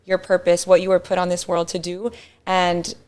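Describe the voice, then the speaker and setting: Host: clear, smooth-voiced woman, casual interviewer, chatty with fillers. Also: fairly low pitch, completely flat delivery. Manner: warm interviewer, filler likes, quick affirmations. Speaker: podcast host.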